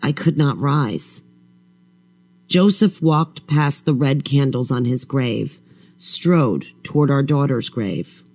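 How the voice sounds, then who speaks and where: A man reading a first-person horror story in a slow, measured, brooding way. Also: mid-range voice, a little mellow. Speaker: audiobook narrator.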